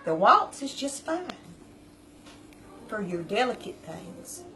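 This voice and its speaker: A woman telling a story in a folksy, chatty, animated way to her viewers. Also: mid-range voice, takes it slowly, a little hiss or hum, poor audio. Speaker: vlogger. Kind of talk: casual storytelling.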